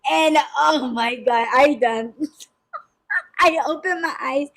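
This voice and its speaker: High-voiced woman telling a story, slow. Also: a bit bright. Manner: laughing, profane storytelling. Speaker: podcast host. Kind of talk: casual chat.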